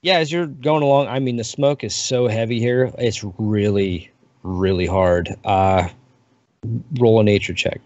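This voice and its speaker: A man narrating as dungeon master, describing scenes in a relaxed, unhurried way. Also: lowish voice, no room sound. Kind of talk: narrating a tabletop game. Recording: muffled lo-fi recording.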